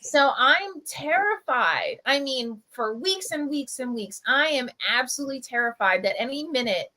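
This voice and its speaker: A woman's voice: sits high, animated, normal speed, bright, forceful tone, poor audio. A middle-aged woman from New Jersey, a press editor, chatting casually on a livestream as she tells a childhood story, full of "like" and "right?". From Camden, New Jersey. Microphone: video call.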